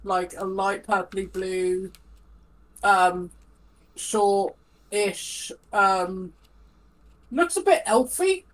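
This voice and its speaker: A woman playing a tabletop game, describing her character in a relaxed, hesitant way. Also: medium pitch, drawn-out words, pauses often, low-quality recording. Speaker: player. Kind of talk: tabletop role-play.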